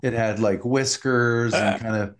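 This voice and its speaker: A man's voice: mid-range voice, a little slow. A man co-hosting a podcast, recapping an episode in casual chat and acting out characters' lines. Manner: animated, acts out characters' lines in bursts. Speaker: podcast co-host.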